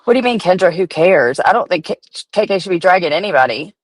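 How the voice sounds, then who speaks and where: A woman's voice: fairly low pitch, expressive, fast talker, no room sound, rough recording. A woman hosting a profane, chatty commentary stream. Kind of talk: casual gossip commentary.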